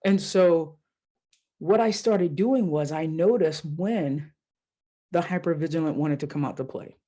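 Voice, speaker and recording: A woman's voice: low-pitched, a little slow. A woman life coach hosting a solo podcast, telling personal stories in a casual, candid way with the odd swear word and acting out her own inner voices. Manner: animated storyteller who acts out her own inner voices.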